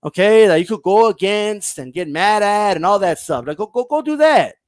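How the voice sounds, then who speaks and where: Casting: high-pitched male streamer, blunt profane ranting, dry close sound. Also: expressive, normal speed, dry recording. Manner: profane, blunt, ranting, reads viewer comments aloud. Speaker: boxing livestream host. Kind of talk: casual livestream rant.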